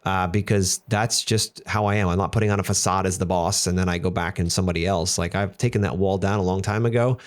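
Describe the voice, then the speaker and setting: Man, podcast host, quick talker, lowish voice, candid joking storyteller. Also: fairly even intonation. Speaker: podcast host and business owner. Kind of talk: casual podcast chat.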